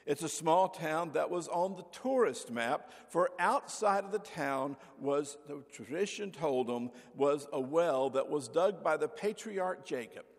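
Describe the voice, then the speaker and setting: Folksy older pastor, gravelly voice. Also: male voice, on the high side, lively intonation, a little slow, hardly any pauses, big-room sound. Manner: folksy storyteller, acts out voices. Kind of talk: sermon with anecdotes. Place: church sanctuary.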